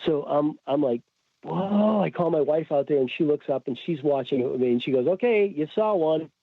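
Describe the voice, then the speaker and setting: A man's voice: a little high, fast talker, dry recording. A man guest telling a story in casual chat, acting out quoted dialogue. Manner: animated, acts out quoted dialogue. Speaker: podcast guest. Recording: tinny phone-like remote call.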